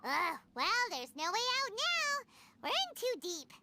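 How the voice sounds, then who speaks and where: A woman's voice: very high-pitched, wildly swooping pitch, a little slow, very noisy, full character voice. A woman voicing a tiny, indignant female companion creature in a game, whiny and referring to herself in the third person. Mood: grumbling. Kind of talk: game voice acting.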